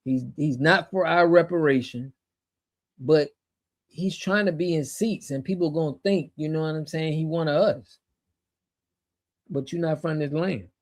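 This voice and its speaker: An American man hosts a casual livestream, his voice a little high and a little slow, with long pauses. He answers chat in an emphatic, slangy way and repeats himself when he gets fired up.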